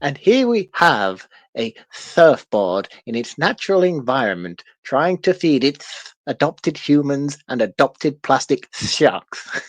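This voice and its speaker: A man's voice: medium pitch, very animated, slow pace, no room sound. A British man voicing a mock-solemn male nature documentary narrator in a weak impression.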